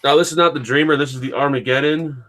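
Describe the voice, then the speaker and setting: A man's voice: mid-range voice, fairly even intonation, fast, a bit bright. Easygoing man explaining vape gear. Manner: easygoing, matter-of-fact explaining. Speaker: co-host who reviews vape gear. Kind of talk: casual live-stream chat.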